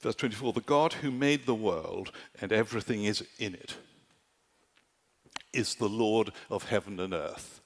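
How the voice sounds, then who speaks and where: A man preaching a sermon at a summer camp, animated and rhetorical, often checking in with "do you see?". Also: on the low side, measured pace, in a large hall. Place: large conference hall at a summer camp.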